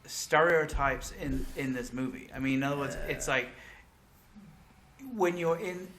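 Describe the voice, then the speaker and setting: A British man in casual podcast chat, halting and restarting his sentences. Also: medium pitch. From Britain. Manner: halting, stammers, restarts often. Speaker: podcast co-host. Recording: echoey room with faint noise.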